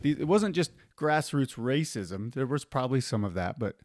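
A man's voice: mid-range voice, expressive, normal speed, a little mellow, dry recording. A man hosting a podcast in casual chat, rambling with asides and restarts into a studio microphone. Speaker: podcast host.

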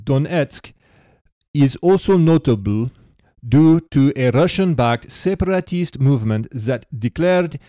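Man doing a mock Russian accent, earnest and formal, hint of Dracula, mellow tone, dry sound. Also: mid-range voice, lively intonation, measured pace, dry recording, voice pushed up, close to an everyday voice. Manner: thick put-on Russian accent, a bit Dracula-like. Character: earnest Russian man explaining history in a written reply. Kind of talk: podcast read-aloud in a put-on voice.

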